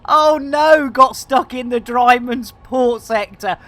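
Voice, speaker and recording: A woman's voice: fairly high pitch, slow pace, hardly any pauses. A woman streaming a game live, joking and calling out greetings to viewers. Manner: jokey, theatrical, shouts greetings.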